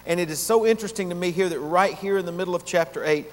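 A man's voice: high voice, fast talker. A man preaching an expository sermon as pastor, earnest, drawing out key words to stress them. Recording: long hall reverb.

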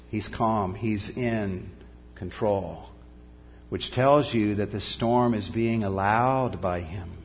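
A man preaching a sermon, earnest, rising to emphatic peaks and then dropping soft and low. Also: in a large hall, lo-fi sound. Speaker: pastor.

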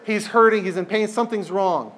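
A man leading an informal group talk, animated and emphatic, often repeating phrases for effect. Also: sits high, brisk.

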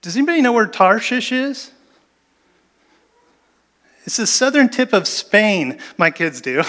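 Animated high-voiced man preaching a sermon. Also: unhurried, long pauses. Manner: animated storytelling with acted-out quotes. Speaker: pastor.

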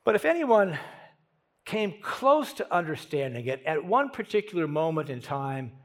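A man preaching a sermon, moving from hushed lines to emphatic ones and repeating words as he thinks aloud. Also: a little high. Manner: dramatic swings from hushed to emphatic. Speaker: pastor.

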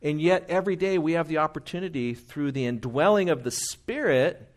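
A man's voice: a little high, brisk. A man preaching a sermon in an earnest, conversational way, often quoting hymns and older writers. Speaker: pastor.

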